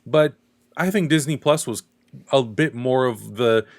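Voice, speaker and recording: A man's voice: medium pitch, unhurried. A man hosting a casual fan discussion, talking enthusiastically and a little rambling before signing off to viewers. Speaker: podcast host.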